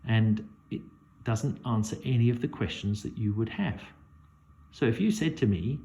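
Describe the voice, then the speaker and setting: A man teaching a poetry lesson, measured and thinking aloud as he works through a poem. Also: on the low side, dark tone.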